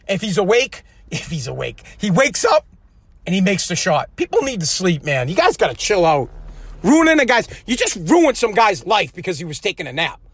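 High-voiced man on a profane rant. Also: fairly bright tone, no room sound. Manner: profane, heated, repetitive. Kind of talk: angry ranting monologue.

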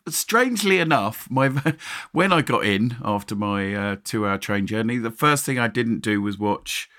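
A man's voice: on the low side, animated, measured pace, fairly bright tone. A man co-hosting a casual podcast, rambling and hesitant with laughs. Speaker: podcast co-host. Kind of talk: casual chat.

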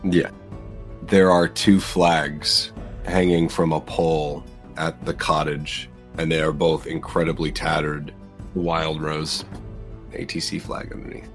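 A man playing a tabletop game, expressive and quick to exclaim. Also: a bass voice, faint music behind. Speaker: player.

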